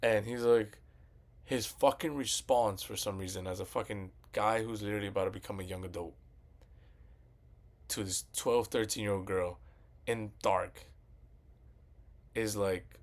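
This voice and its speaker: A movie commentary vlogger casually rants about a film sequel, rambling and swearing as he retells scenes, even quoting characters' voices. His voice sits on the low side with a steady tone, and he talks a little slowly, pausing often.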